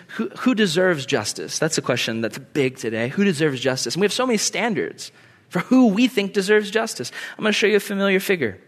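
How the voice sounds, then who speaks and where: A young man preaching a sermon in an animated way, acting out quoted voices and laughing easily. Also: on the high side. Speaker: pastor.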